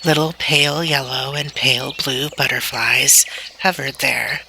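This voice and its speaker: A woman reading a children's novel aloud in a slow, deliberate, gentle way. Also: a bass voice, steady tone, vocal fry, a little hiss or hum. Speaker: storybook reader.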